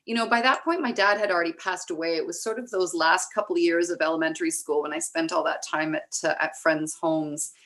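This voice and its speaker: Candid Canadian woman, lowish voice. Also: steady tone, a bit bright. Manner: reflective, halting, many restarts. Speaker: guest, recovery advocate. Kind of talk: candid personal conversation.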